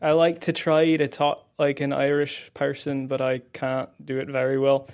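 A man's voice: mid-range voice, completely flat delivery, normal speed, darkish tone. A man co-hosting a faith podcast in casual conversation, friendly and self-deprecating, with many fillers, close to the mic. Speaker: guest co-host. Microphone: held close to the mouth.

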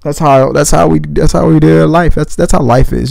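Young guy, podcast host, very gravelly voice, dry close sound, loose and cursing. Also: on the high side, a little fast, few pauses, darkish tone, no room sound, poor audio. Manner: rambling, profane, laid-back. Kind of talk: casual movie commentary.

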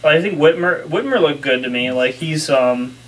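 A man hosting a casual chat, speaking in a measured, hesitant way with many pauses. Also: on the high side, lively intonation, fairly bright tone. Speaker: podcast host. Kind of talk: casual chat reviewing a wrestling show. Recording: distant mic in a room.

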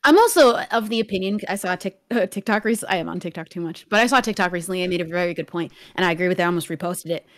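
A young woman joining a stream chat as a guest, speaking earnestly and firmly in a soft voice. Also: fairly low pitch, very fast, hardly any pauses. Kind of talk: casual chat.

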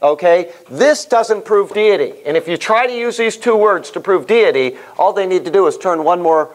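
A man's voice: high-pitched, animated, moderate pace. A man leading a Bible study class in a conversational way, asking the class questions as he teaches. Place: room with a small class.

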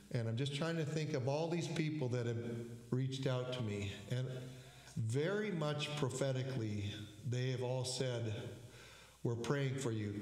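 A man preaching as a pastor, telling a story in a slow, halting way with many fillers and restarts. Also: mid-range voice, a little mellow. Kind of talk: sermon storytelling. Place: church sanctuary. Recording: echoey church hall.

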